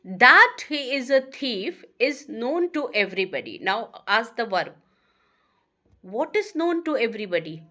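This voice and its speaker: A woman teaching an English grammar lesson with a fairly high-pitched voice. She reads each example sentence slowly and with stress, then explains it with some fillers and restarts. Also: big pitch swings, sharp tone. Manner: slow, emphatic reading of example sentences, with fillers.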